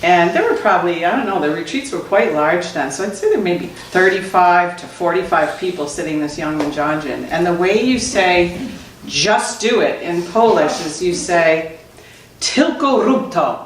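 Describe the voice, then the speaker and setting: A middle-aged woman, a Zen teacher, telling funny anecdotes and laughing often as she talks. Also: fairly low pitch. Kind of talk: storytelling talk. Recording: echoey room, distant mic, noisy.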